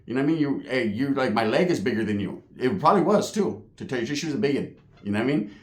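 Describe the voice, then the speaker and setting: A man hosting his channel, telling a street story in a casual, profane, animated way. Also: mid-range voice, racing. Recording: echoey room.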